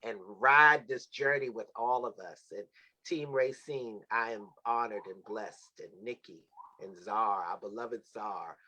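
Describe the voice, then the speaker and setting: A man hosting a livestreamed talk show, giving warm, sermon-like thanks to his guests and team. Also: lowish voice, measured pace, poor audio. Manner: effusive, sermon-like praise. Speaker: show host. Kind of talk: heartfelt closing thanks on a livestream.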